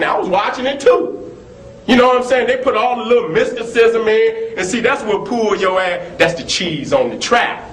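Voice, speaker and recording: A man talking heatedly and profanely, telling stories between laughs and rants. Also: high-pitched. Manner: animated, profane, storytelling with laughs. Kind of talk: heated talk. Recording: echoey room with faint noise.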